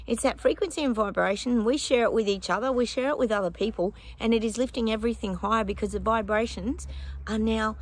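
A woman's voice: a little high, husky. A woman chatting casually to her viewers in a rambling way, filming on a handheld phone outdoors in her backyard. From Australia. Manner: chatty and rambling, breaks into snippets of song. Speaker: psychic vlogger.

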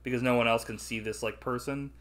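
A young man with a bright, forceful voice co-hosts a casual movie podcast. He rambles through plot points with plenty of filler words and breaks into laughter often. His pitch sits in an everyday middle range. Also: steady tone, fast. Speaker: podcast co-host. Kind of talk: casual movie review chat.

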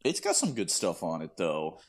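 A man's voice: sits low, huge pitch swings, moderate pace. A young man co-hosting a casual podcast chat with dry, wisecracking humor. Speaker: podcast co-host.

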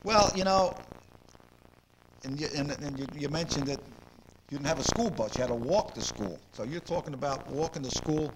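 A man's voice: a little high, normal speed. Older man, talk show host, repeats himself, hiss in background. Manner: rambling, repeats words, asks leading questions. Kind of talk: local interview show. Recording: noisy 2002 local cable recording.

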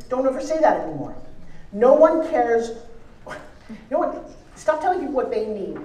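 A woman giving an energetic, joking motivational talk on pitching to a live audience from a stage. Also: normal speed. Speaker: motivational speaker teaching pitching. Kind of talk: live seminar speech to an audience. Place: large event hall on stage. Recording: roomy hall sound from a distance.

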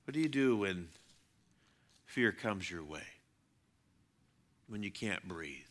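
A man preaching a sermon, animated, acting out the voices of people in the story and swinging between loud outbursts and hushed lines. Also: on the low side, unhurried, pauses often. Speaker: pastor.

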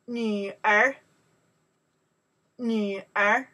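Bright, breathy woman teaching pronunciation. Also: medium pitch. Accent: Mandarin Chinese. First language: Chinese. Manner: slow, repeats words for learners, louder on the Chinese examples. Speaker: Chinese teacher. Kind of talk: pronunciation lesson.

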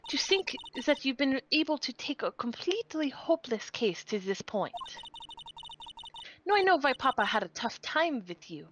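A woman's voice: a little high, sing-song, moderate pace, few pauses, noisy background. A woman reading aloud as a haughty, arrogant young female prosecutor from a video game.

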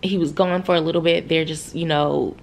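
A woman's voice: low voice, fairly even intonation, a little fast, creaky, slight background noise. A woman in her thirties, a soldier, telling an emotional story straight to her viewers, frank and profane and close to tears. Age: 30s. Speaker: soldier and vlogger. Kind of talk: candid storytime vlog.

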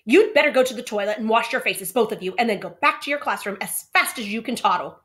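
A woman's voice: on the high side, expressive, fast, a bit bright, voice pushed up. A woman voicing a fussy, old-fashioned female teacher with a prim way of speaking. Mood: bossy.

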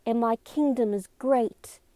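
A woman's voice: medium pitch, takes it slowly, warm tone, dry recording, close to an everyday voice. A woman voicing an earnest, determined teenage girl who declaims rehearsed lines with growing intensity, in a storybook reading.

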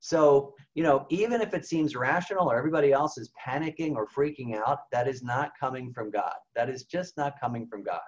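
A man speaks as a priest, in a loose conversational way, pausing often to ask "okay?" and "right?". His voice sits at a middling pitch. The sound is a bit dull, as over a video call. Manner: conversational, frequent "okay?" and "right?" check-ins. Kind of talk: informal spiritual talk.

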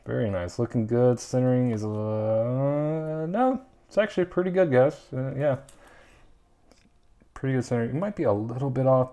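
A man's voice: medium pitch, mellow. A young man hosting a casual card-opening video, chatting and rambling with lots of ums and uhs. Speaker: channel host opening trading card packs.

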